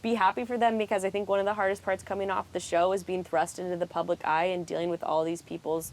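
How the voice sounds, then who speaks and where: A woman speaking as a podcast guest in casual, candid conversation, frank and animated with frequent swearing. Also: fairly low pitch, fast.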